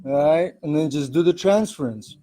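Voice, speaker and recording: A man with a slightly high voice talks at a normal speed while running a relaxed spiritual livestream from home. He keeps things loose and chats with his viewers, with soft music faintly audible behind him.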